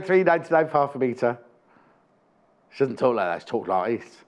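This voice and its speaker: A man's voice: mid-range voice, sing-song, a little fast, long pauses, dull audio. A man presenting a live home shopping TV show, chatting about fabrics and prices with jokey, teasing asides in a studio. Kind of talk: live TV sales chat.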